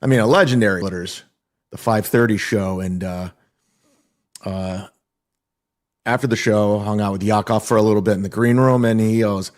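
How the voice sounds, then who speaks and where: A man's voice: on the low side, steady tone, normal speed, long pauses. A man who is a stand-up comedian talking in a casual monologue, boastful and defensive with plenty of swearing. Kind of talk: casual monologue on his own show.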